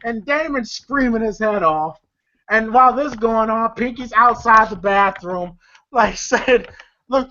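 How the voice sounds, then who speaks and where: A woman's voice: a little high, unhurried, bright, forceful tone, muffled recording. A woman reviewing a movie in a rambling, profane way, retelling scenes with lots of fillers. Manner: rambling, profane, laughs often, many fillers. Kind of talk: casual retelling of film scenes.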